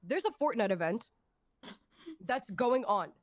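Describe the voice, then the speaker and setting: A young woman tells a rant-filled story on a casual podcast, swearing freely and popping into high voices for the people she quotes. Her voice sits a little high, and the sound is close and dry. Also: animated, unhurried, no echo. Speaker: podcast co-host.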